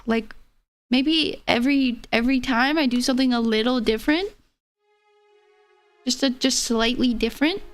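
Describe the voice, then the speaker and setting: A woman streamer chatting playfully with her viewers, giggly and teasing. Her voice is high and her delivery is unhurried, with faint music playing behind her. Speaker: livestreamer. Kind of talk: casual chat with viewers.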